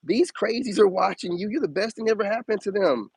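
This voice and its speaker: Casting: animated male streamer, preachy, highish voice, close dry mic. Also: a little fast, gravelly, breathy edge, no echo, poor audio. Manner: animated, preachy, swoops up high for emphasis. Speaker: spiritual advice streamer. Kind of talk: casual live-stream monologue.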